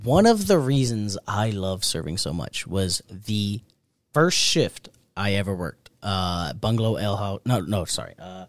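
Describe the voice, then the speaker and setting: A man's voice: lowish voice, very animated, unhurried, no echo. A man co-hosting a podcast, casually chatting and telling stories about his work as a restaurant server, laughing often. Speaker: podcast co-host. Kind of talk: casual chat.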